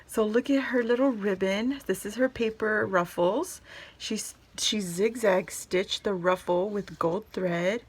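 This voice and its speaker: A woman's voice: mid-range voice, unhurried, husky. A woman vlogger chatting through a craft unboxing, gushing and exclaiming, often swooping up into squeals. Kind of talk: excited unboxing chat.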